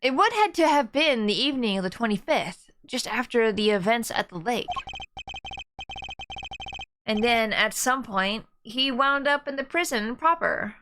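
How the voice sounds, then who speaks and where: Woman reading as a measured serious prosecutor. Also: on the high side, animated, a little hiss or hum.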